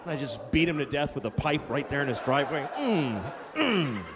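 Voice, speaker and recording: A man's voice: on the high side, sing-song, normal speed, a crowd in the background. A man performing a stand-up comedy set, telling stories in a conversational, profane and self-mocking way. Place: comedy venue with a live audience. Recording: live hall recording with room noise.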